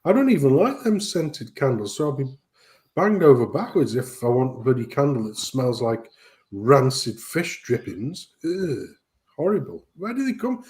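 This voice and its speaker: A man co-hosting a casual stream chat, ranting and swearing in an animated way. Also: mid-range voice, normal speed. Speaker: stream co-host.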